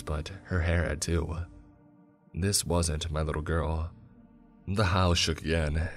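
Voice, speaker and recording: Male horror narrator, very low voice, faint music underneath. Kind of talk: first-person horror story narration.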